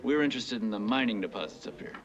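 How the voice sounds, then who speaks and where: An actor playing a stiff, formal company man who speaks hesitantly, on a muffled old film soundtrack with loud hiss. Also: on the low side, lively intonation, fast, natural voice.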